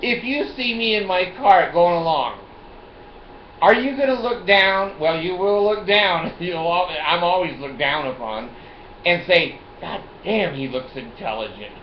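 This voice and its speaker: A man's voice: high voice, expressive, a little slow, echoey room, dull audio, a little hiss or hum. Chuckling older man telling a bawdy story. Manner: bawdy, boastful, laughs often. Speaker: show host. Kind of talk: rambling storytelling monologue.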